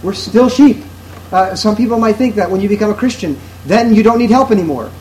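High-voiced earnest male preacher. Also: brisk, a little mellow, a little hiss or hum, low-quality recording. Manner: earnest, repetitive, emphatic preaching. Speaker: pastor. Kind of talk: sermon.

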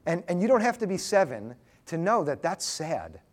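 A man preaching a sermon as pastor, earnest and tender, slow when he tells a story. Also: sits high, very animated.

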